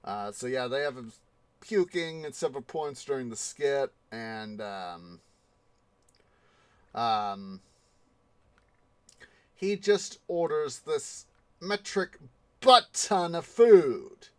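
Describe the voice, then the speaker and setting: A man's voice: mid-range voice, animated, slow, long pauses, clear, resonant tone, dry recording. A man hosting a casual gaming livestream, rambling through a story with many ums and restarts. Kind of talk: casual livestream chat while playing.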